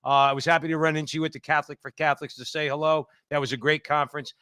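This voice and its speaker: A man hosts a radio talk show with a bright, crisp, slightly high voice. He talks in a chummy, folksy way, recorded dry and close on the mic. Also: little pitch movement, very fast, dry recording. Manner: chummy, folksy, calls people brother.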